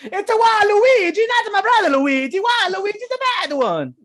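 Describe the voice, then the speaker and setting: A man putting on a loud, cartoonish Mario voice with an exaggerated fake Italian accent, shouting in a high falsetto on a headset. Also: full character voice. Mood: excited. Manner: excitable, rapid-fire, over-the-top. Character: loud cheery cartoonish male plumber hero.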